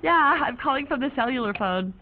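A woman's voice: sits high, expressive, brisk. A woman playing a rambling free-spirited young woman. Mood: breezy. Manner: rambling, quirky, odd ornate slang. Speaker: young woman calling a friend. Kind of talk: one-sided phone call monologue in an audio drama. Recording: narrow phone-like sound, faint hiss.

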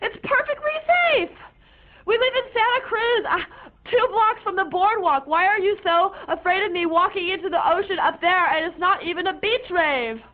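A very high, squeaky, whiny teenage girl, voiced by a woman, sobs and rants at her parents, overwrought and tripping over fancy words. It is a comic character monologue, heard through a thin, tinny, phone-like sound. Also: moderate pace. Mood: tearful ranting. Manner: whiny, tearful, overwrought with mangled big words.

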